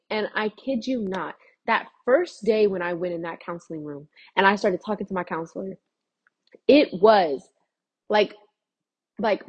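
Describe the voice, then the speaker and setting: A woman's voice: medium pitch, husky. A young woman, a college student, talking about her life in a chatty, earnest way, with many "like" fillers. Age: young adult. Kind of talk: casual personal talk to camera.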